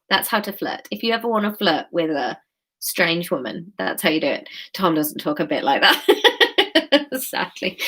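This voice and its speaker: A woman chats to her viewers in a loose, rambling way, full of self-mocking asides and fillers. Then she settles into reading her own novel aloud with an easy, conversational lilt. Her voice sits at an ordinary middle pitch. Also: fairly bright tone. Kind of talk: casual livestream chat and book reading.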